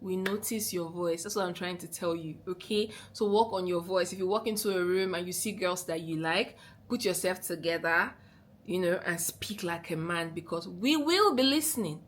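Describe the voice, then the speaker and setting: A woman giving relationship advice in a fast, animated, casual talk to camera. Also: lowish voice. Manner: fast, animated talker who rushes her words.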